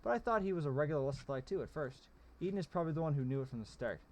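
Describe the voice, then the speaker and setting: A man's voice: fairly high pitch, animated, very fast, voice pushed up. Teasing female amulet spirit, voiced by a man, knowing and sly, storybook read-aloud.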